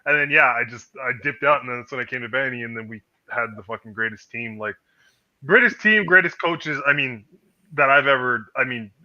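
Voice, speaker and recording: Podcast host, man, lively storyteller who swears freely; slightly dull lo-fi audio. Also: mid-range voice, fairly quick. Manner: animated storyteller, acts out quoted voices, swears freely. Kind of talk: casual chat.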